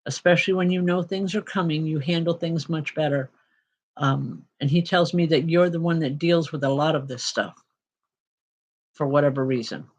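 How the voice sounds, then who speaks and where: A woman's voice: low voice, fairly even intonation, normal speed, a little mellow. A woman giving live spirit-message readings as host, chatty and apologetic, with frequent ums and an emotional edge. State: emotional at times. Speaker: spiritual medium and show host.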